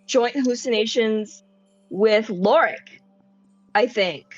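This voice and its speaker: A woman's voice: a little high, slow, no echo, muffled recording, faint music behind. A woman voicing a nervous, rambling young man in a tabletop game, talking hesitantly with lots of fillers. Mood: wistful. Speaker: player. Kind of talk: tabletop role-play in character.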